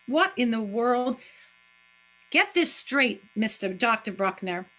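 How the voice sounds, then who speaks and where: A woman's voice: fairly high pitch, lively intonation, a little slow, a bit bright. A woman acting out a scorned woman telling off the man who used her, played seriously. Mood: indignant. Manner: indignant, serious.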